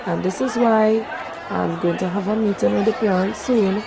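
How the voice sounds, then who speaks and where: A woman's voice: medium pitch, steady tone, moderate pace, creaky, crowd noise, background noise. A young woman with a Trinidadian accent, speaking as a mother in a documentary interview, telling her story in an earnest, heartfelt way. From Trinidad and Tobago.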